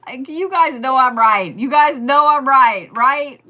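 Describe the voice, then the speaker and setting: A woman's voice: high-pitched, unhurried, few pauses, sharp tone, slight background noise. A woman giving a casual, rambling astrology reading, joking and swearing as she talks straight to her listeners. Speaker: astrology and Reiki host.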